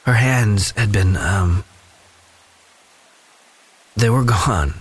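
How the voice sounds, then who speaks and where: A man giving a slow, thoughtful Bible devotional, telling personal stories. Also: lowish voice, husky. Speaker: devotional speaker.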